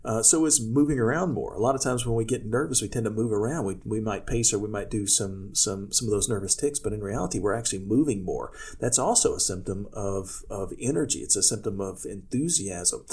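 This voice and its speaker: A man's voice: fairly low pitch, fairly quick, hardly any pauses, a little mellow, husky. A man who coaches public speaking, talking casually on a podcast and telling personal stories, with loose phrasing and many restarts, acting out quoted speech.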